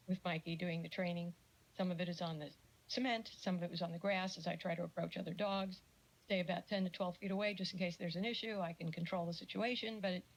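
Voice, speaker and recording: A middle-aged woman giving a casual lecture on parenting, chatty and animated, with jokey asides and little acted-out quotes. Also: on the low side, rough recording. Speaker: speaker giving a talk on parenting.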